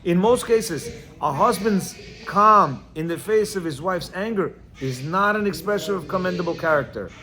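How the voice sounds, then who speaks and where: A man's voice: high voice, lively intonation, normal speed, few pauses, sharp tone, faint music behind. A man teaching a religious class, reading from a book and explaining each passage in plain words and checking in with his listeners. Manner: talks in bursts with many restarts.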